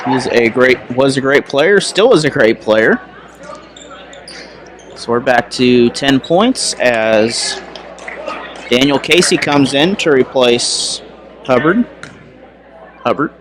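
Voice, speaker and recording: A young man giving casual, chatty play-by-play for a high school basketball game, now and then correcting himself. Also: expressive, slow, long pauses, crowd noise. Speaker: play-by-play announcer. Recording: noisy gym recording.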